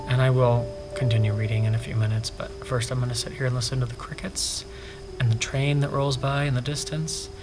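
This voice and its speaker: A man chatting casually in a book vlog on his back porch, gushing about what he reads and dropping into soft asides. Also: medium pitch. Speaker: book vlogger. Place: back porch outdoors at home.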